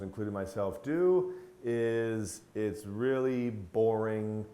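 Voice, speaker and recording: A man hosting a casual talk to camera, telling stories with big swings in pitch and loudness and swearing bluntly now and then. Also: roomy sound. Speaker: host.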